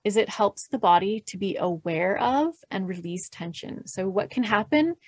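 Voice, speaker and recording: A woman calmly explaining breathing mantras in an interview, gentle and measured, with light laughs. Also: medium pitch, husky, no room sound. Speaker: podcast host and guest expert. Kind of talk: calm instructional explanation.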